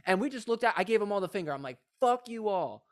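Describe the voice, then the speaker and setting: A man's voice: sits high, very fast. A man who is a guest on a podcast, chatting casually, swearing and laughing as he retells a story with energy. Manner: profane, laughing, animated retelling. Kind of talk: casual chat.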